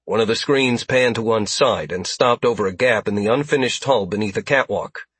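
A man narrating an action story as an audiobook reader, in steady, even storytelling. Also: fairly low pitch, moderate pace, husky, dry recording. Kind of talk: scripted narration.

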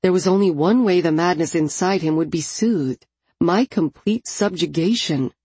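A woman narrating a first-person audiobook in an intimate, low-key delivery. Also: moderate pace, a little mellow, breathy edge, no room sound.

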